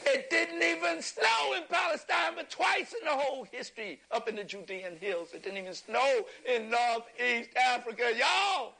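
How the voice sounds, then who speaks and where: A man with a high, bright voice delivers a fiery lecture to a live audience. He talks like a preacher, building his points until he is shouting. He chuckles along the way. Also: normal speed, gravelly, few pauses, rough recording. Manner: preacherly, emphatic, rising to shouts.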